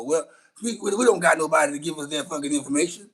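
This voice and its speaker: Blunt husky man ranting. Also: fairly high pitch, fast, a bit bright, poor audio. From Shreveport, Louisiana, USA. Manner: blunt, profane, rambling with restarts. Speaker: livestream host. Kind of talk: casual livestream rant.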